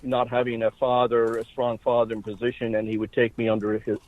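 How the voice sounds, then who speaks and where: A man speaks as a podcast guest, recounting his own past in a halting way and restarting his sentences. His voice comes through a tinny phone line that sounds dry and close. His pitch sits in a middle range. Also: monotone, dry recording. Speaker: interview guest. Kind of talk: recounting personal history.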